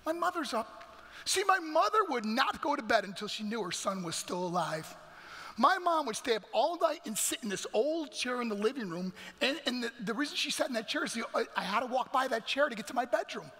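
Middle-aged male guest speaker, high bright voice, dramatic testimony, big church echo. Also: big pitch swings, fairly quick. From New York. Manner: dramatic, emphatic storytelling with acted quotes. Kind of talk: motivational testimony. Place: large church hall. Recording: reverberant church hall.

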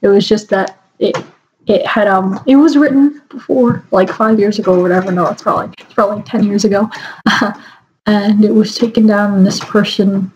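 A woman's voice: mid-range voice, steady tone, moderate pace, darkish tone, a little hiss or hum. A young woman reading a badly written story aloud and commenting on it, often breaking into giggles and mocking the text. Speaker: fanfic reader. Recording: dull lo-fi home recording.

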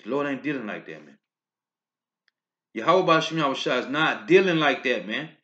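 A street preacher's mid-range voice comes through expressive and sharp at normal speed in a scripture-reading sermon video. His emphatic bursts rise and fall, each line closing with "man, okay?" The recording is dull and lo-fi.

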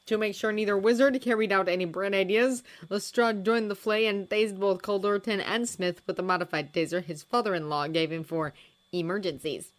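A woman reading fanfiction aloud in a lively storytelling manner, acting out shouted lines. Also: mid-range voice, normal speed. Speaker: fanfiction audiobook reader.

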